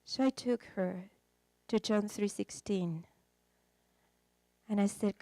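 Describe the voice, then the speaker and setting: A woman's voice: medium pitch, slow, mellow, dry recording. A woman preaching a sermon, telling a counseling story in an emotive, dramatic way.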